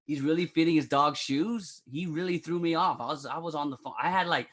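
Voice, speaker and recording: Loud swearing comedian guy, middle-aged, rambles a lot, kinda high voice. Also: fairly quick. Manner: brash, profane, rambling storytelling. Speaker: comedian guest. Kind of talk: stand-up set on a live stream.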